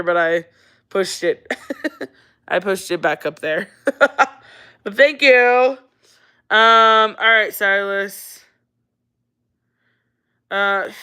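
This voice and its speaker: A woman's voice: mid-range voice, bright, forceful tone, smooth. A woman in her thirties hosting a casual livestream, chatting and laughing as she reads viewer comments aloud. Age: 30s. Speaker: livestream host.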